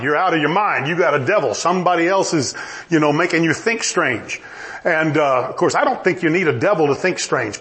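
A male preacher delivering a sermon in a high, sing-song voice that swoops up and down. He acts out the dialogue in his story with plenty of energy and breaks into wry, humorous asides. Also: a bit bright.

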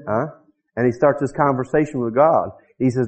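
A man preaching a sermon, swinging from quiet low asides to loud fervent exhortation and calling out to the congregation. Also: brisk, dull audio. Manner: calls out to the congregation with "Huh?" and "Are you with me?".

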